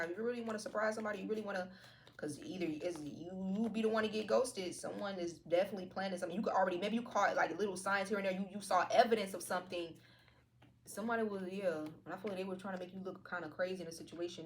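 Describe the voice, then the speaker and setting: A woman's voice: medium pitch, slight background noise. A woman giving a casual tarot reading to her viewers, talking in a slangy, profane and playful way. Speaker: tarot card reader.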